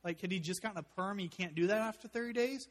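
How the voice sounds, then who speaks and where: A man preaching a sermon as pastor, animated, with joking asides, swinging from loud to hushed. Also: high-pitched, fast, in a large hall.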